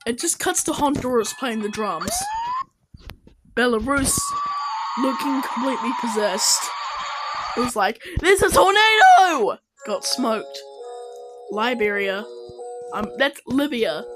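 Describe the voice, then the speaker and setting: A woman reacting to videos in casual commentary, excitable and exclaiming at the screen. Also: on the high side, takes it slowly, pauses often, music in the background, poor audio. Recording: loud background noise.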